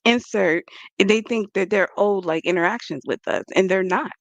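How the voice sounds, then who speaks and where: A woman's voice: mid-range voice, normal speed, gravelly, no echo, highs cut off. A woman panelist in a casual chat, speaking reflectively with many fillers.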